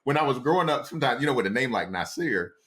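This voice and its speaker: A man from Columbus, Ohio, a psychotherapist talking as a podcast guest, reflective and halting as he searches for his words. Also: medium pitch, lively intonation, fairly bright tone. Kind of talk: casual interview conversation.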